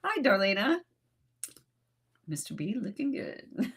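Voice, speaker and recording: A woman's voice: mid-range voice, big pitch swings, slow, fairly bright tone, breathy edge. A woman co-hosting a casual livestream chat, greeting viewers by name and laughing often. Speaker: co-host, author.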